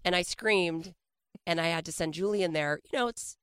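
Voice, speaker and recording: A woman's voice: on the low side, moderate pace, fairly bright tone, clean tone, no echo. A woman comedian on a talk show who is under the weather and losing her voice. She tells her story in a dry, matter-of-fact way. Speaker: comedian guest. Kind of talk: casual talk show banter.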